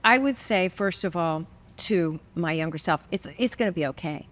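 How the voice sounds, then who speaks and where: A woman's voice: lowish voice, expressive, moderate pace, fairly bright tone. A woman as an interview guest, telling stories casually and expressively, with frequent laughs and hesitant restarts. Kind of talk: casual conversational storytelling.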